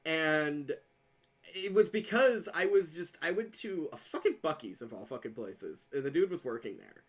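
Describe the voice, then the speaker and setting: Animated woman telling a story. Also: low voice, normal speed, breathy edge. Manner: animated storyteller, acts out both sides of a dialogue, swears casually. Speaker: podcast co-host. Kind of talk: casual chat, telling an anecdote.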